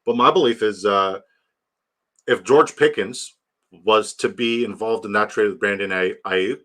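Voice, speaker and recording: A man's voice: fairly low pitch, a little slow, fairly bright tone. A young man chatting casually on a fantasy football stream, rambling and joking, swearing freely. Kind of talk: casual live-stream chat.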